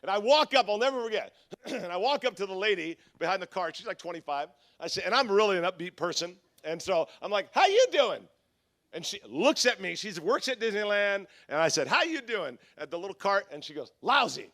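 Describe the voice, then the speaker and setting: A middle-aged Southern California man, guest-preaching at a conference, talks quickly in a high, fairly bright voice. His sermon is full of funny stories, and he pokes fun at himself, keeps restarting, and wanders into asides.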